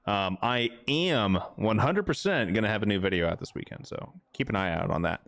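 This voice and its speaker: Joking, low-voiced gaming streamer man. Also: animated, fairly quick, fairly bright tone, dry recording. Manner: joking, rambling and crude. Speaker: livestream host. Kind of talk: casual gaming commentary.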